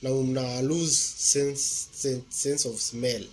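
A man's voice: medium pitch, little pitch movement, slow, darkish tone, a little hiss or hum. A Kenyan man chatting casually and teasingly as a husband in a couple's vlog. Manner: joking, teasing, mixes in Swahili. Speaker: vlogger, husband. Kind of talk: casual chat.

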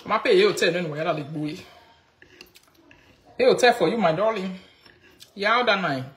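A woman's voice: fairly low pitch, normal speed, echoey room. A Nigerian woman ranting casually on a live video in mixed Pidgin and local languages. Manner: mixes Pidgin and local languages, mocking, animated. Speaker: social media commentator.

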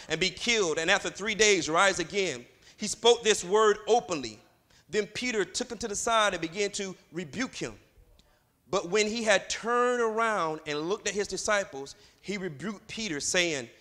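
A man's voice: high-pitched, sharp tone. A man pastor preaching a sermon in a church, loose and full of fillers, building to emphatic stretches. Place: church sanctuary.

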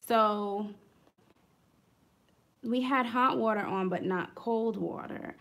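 A woman's voice: medium pitch, slow, a bit bright. A woman vlogger chatting casually as she decorates a planner, rambling through a story with fillers and small asides. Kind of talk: casual storytelling while crafting.

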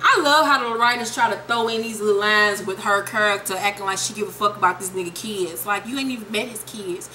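A young woman recapping a TV episode in a casual vlog, sassy, profane and animated. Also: medium pitch, fast talker, hardly any pauses, slight background noise, rough recording. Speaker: TV show reviewer.

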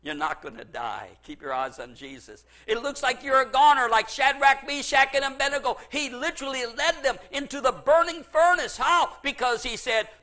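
A middle-aged male pastor preaching a sermon emphatically, repeating phrases and swinging from loud to hushed. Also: animated, normal speed, hardly any pauses. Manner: emphatic preaching with sweeping pitch swings, repetition. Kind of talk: evangelical sermon.

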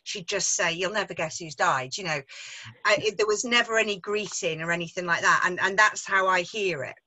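An English woman with a Midlands accent, a writer chatting casually about her craft, self-deprecating and quick to laugh. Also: medium pitch, bright, forceful tone, low-quality recording. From England. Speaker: author in conversation. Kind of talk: casual literary discussion.

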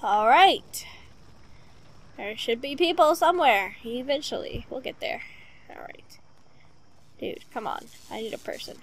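High-voiced, excitable woman gamer. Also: unhurried, long pauses, a little hiss or hum. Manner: excitable, talks back to the game, repeats pleas and commands. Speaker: let's play host. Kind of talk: casual gameplay commentary.

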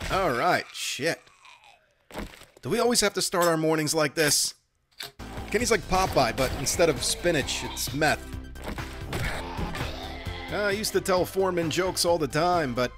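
A man giving profane, wisecracking commentary while playing a game. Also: on the high side. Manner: profane, wisecracking, jokey asides. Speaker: gaming commentator. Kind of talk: joking gameplay commentary. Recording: game music behind voice. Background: game music.

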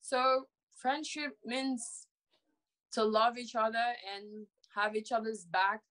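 A woman's voice: on the high side, fairly even intonation, slow pace, a bit bright, rough recording. A young woman from Sierra Leone answering audition interview questions hesitantly, with many fillers. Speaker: reality show applicant.

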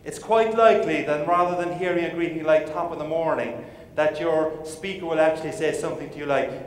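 A man's voice: a little high, a little fast, slight background noise. A middle-aged man with an Irish accent giving a comic keynote speech, a playful storyteller full of jokey asides. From Ireland. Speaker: keynote speaker. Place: large conference hall. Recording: long reverb of a large hall.

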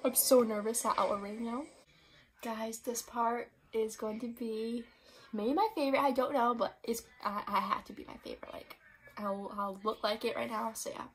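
A woman hosting a reaction video, chatting casually in a gushing, giggly, excitable way. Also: on the high side, normal speed, background noise.

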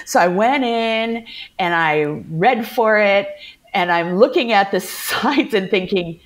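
A middle-aged woman, a guest actor, telling animated anecdotes in a casual interview and laughing often. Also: mid-range voice, a little slow.

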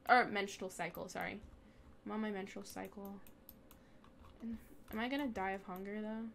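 A woman's voice: mid-range voice, steady tone, normal speed, vocal fry, fairly bright tone, a little hiss or hum. A young woman hosting a gaming video, casually commenting on her play and scolding the game characters as she goes. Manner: chatty, talks back at the game characters.

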